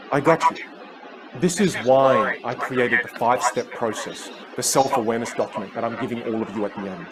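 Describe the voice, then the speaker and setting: A man teaching a live online communication masterclass, energetic and full of storytelling. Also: medium pitch, very noisy. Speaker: communication coach.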